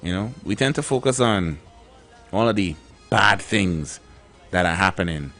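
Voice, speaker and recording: A man co-hosts a radio show in a loose, chatty way, circling back and repeating his words as he talks. His voice sits low. Faint music plays underneath. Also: a little slow, fairly bright tone. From Trinidad and Tobago. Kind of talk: casual radio chat.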